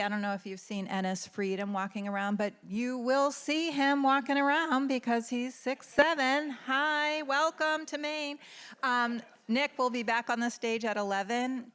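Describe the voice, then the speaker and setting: Woman, organizer, announcements, casual, halting, smooth voice. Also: mid-range voice, fairly bright tone. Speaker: event organizer making announcements. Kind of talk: closing announcements. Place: stage at a live event.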